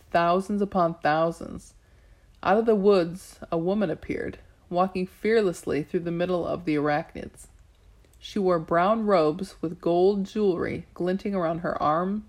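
Woman reading a story out loud, low voice, slow and measured, tripping on a word now and then. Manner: measured first-person storytelling with small restarts. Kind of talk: audiobook narration.

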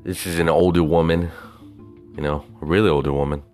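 Very deep-voiced man telling a rambling story. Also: steady tone, fairly quick, a little mellow, soft background music. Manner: profane, hesitant, self-doubting.

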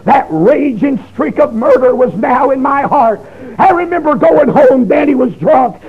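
A man preaching his testimony, emotional, swinging from shouts down to hushed low tones. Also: lively intonation, measured pace. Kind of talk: fiery testimony sermon. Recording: dull lo-fi recording.

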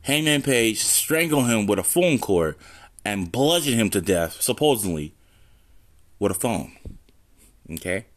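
A man's voice: on the low side, sing-song, a little slow, long pauses. A man hosting a casual solo podcast into a phone, rambling and swearing as he talks, interrupting himself often. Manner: profane, rambling, self-interrupting. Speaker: podcast host. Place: room at home.

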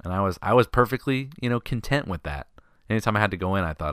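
A man hosting a podcast, telling a story in a casual, animated, self-deprecating way. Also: on the low side, quick pace, clean tone, no echo, clean studio sound. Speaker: podcast host.

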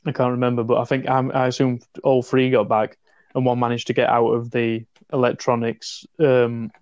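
An animated man in a casual film discussion, pushing his points hard. The sound is dull and lo-fi, with no room echo at all. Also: mid-range voice, normal speed. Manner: animated, argues emphatically. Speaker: podcast co-host.

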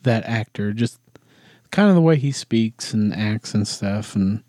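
Mellow-voiced man, laid-back movie chat. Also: on the low side, expressive, no room sound, clean studio sound. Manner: laid-back, halting, fills gaps with plot details. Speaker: movie discussion co-host. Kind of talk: casual chat, retelling a movie scene by scene.

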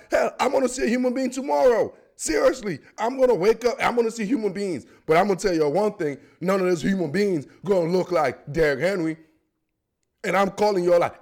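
A young man hosting a sports podcast, talking in a casual, slangy and excitable way. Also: high voice.

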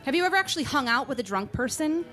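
An actress playing a woman who fakes being drunk to fit in, talking in halting, stammering bursts with overplayed slurring, in a live comedy sketch. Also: high-pitched, lively intonation, a bit bright, soft background music. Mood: confessing.

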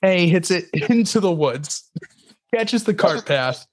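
A man's voice: sits high, slow. Chatty, laughing podcast guy. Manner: animated storyteller, laughs often, many fillers. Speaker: podcast co-host. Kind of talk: casual chat.

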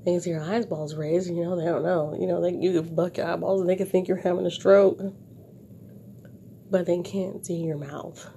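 A woman with a low, gravelly, mellow voice tells an everyday story straight to her viewers. She tells it in a lively, dramatic way, adds wry asides, and then draws a moral lesson from it. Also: normal speed, slight background noise. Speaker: vlogger. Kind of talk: casual storytelling monologue.

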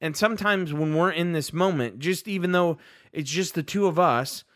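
A man's voice: a little high, moderate pace, fairly bright tone, dry recording, clean studio sound. A man co-hosting a sports podcast, ranting in heated casual talk and rising to outbursts of disbelief. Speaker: podcast co-host.

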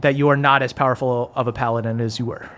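A man running a tabletop game as game master, narrating scenes in a relaxed way with many fillers. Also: medium pitch, fast talker.

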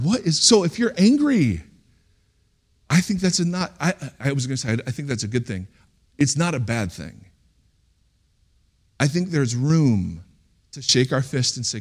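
A man delivering a sermon in a church, his voice sitting a little higher than most men's. His pitch swings widely as he preaches, talking conversationally and then breaking into sudden loud outbursts. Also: big pitch swings, normal speed. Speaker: pastor.

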